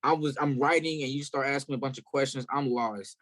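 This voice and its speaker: A man from South Carolina, a guest musician in a casual interview, telling stories in a candid, animated way. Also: medium pitch, quick pace.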